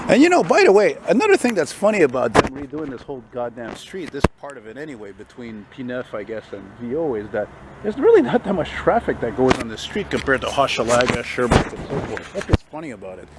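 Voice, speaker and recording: A man's voice: mid-range voice, sing-song, quick pace, noisy background. A tired, unwell man, ranting and rambling as he walks a city street, recording on a handheld phone. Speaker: vlogger. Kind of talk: walking vlog rant.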